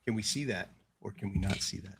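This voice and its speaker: Guy with a bright forceful voice, stumbles and restarts a lot while chatting. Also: fairly low pitch, a little fast, a little hiss or hum. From United States. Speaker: host. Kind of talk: casual podcast chat.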